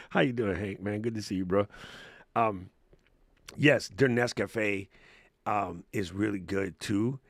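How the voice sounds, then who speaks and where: A man's voice: lowish voice, slow pace, pauses often, no room sound, clean studio sound. A man hosting a casual livestream Q&A, telling stories in a laid-back, slangy way and laughing often. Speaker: host answering live chat questions.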